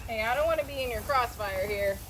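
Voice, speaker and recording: A woman's voice: a little high, brisk, fairly bright tone, a little hiss or hum. A woman on a goat farm chatting casually and with amusement about the goats, outdoors in the pen. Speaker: goat farmer, co-host. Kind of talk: casual chat.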